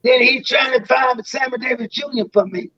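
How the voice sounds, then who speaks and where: An older man spins long, rambling stories, often stumbling over and repeating his words. His voice sits high for a man. The sound is dry and a little dull, like a live stream. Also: fairly even intonation, moderate pace, sharp tone, no echo. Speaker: interview guest. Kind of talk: storytelling in a live interview.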